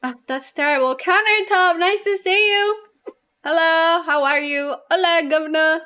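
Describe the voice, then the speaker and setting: A young adult woman streamer chatting casually with her live chat, rambling on at length and laughing often, a little low on energy. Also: moderate pace, sharp tone. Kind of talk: casual livestream chat, reading chat aloud.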